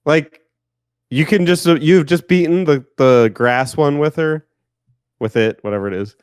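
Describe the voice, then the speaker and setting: A man in casual podcast chat who rambles and starts his sentences over. His voice comes through smooth and clean, recorded dry and close with little room sound. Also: a little high, moderate pace, no room sound. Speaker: podcast co-host.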